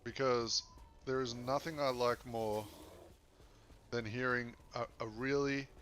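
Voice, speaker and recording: A man's voice: mid-range voice, a bit bright. A man casually chatting and joking with viewers during a game stream. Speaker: gaming streamer. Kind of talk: casual live-stream chat. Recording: noisy background.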